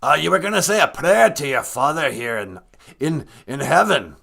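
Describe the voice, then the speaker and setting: A man's voice: on the high side, very animated, moderate pace, gravelly, sharp tone, exaggerated voice. A man voicing the Great Spirit as a laid-back, teasing father figure who calls him son.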